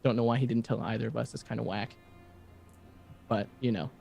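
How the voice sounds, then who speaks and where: A man voicing a chatty male god in the form of a duck, talking fast and casually in a rambling way during tabletop role-play. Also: mid-range voice, steady tone, gravelly, a little mellow, faint music behind, pitched below the performer's own voice, lightly acted.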